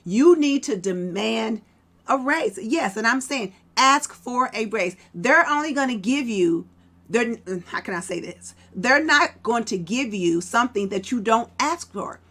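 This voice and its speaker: A woman's voice: on the high side, fairly bright tone. A middle-aged woman hosting a vlog, giving an emphatic motivational talk to her viewers and repeating her key points. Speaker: vlog host.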